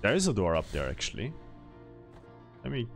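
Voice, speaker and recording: A man's voice: lowish voice, wildly swooping pitch, normal speed, gravelly, soft background music. A man streaming a video game, chatting casually with viewers and laughing often as he plays. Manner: chatty, reads chat aloud, laughs often. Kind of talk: casual gameplay commentary.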